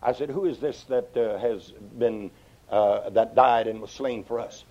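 A man preaching a sermon in an animated way, quoting scripture in old English wording and swinging his pitch widely. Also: unhurried. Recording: dull lo-fi old sermon tape.

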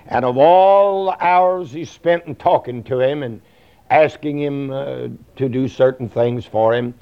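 A man's voice: mid-range voice, unhurried, clear, resonant tone. A man preaching a sermon in a folksy, rambling way, full of fillers and plain talk. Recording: dull lo-fi recording.

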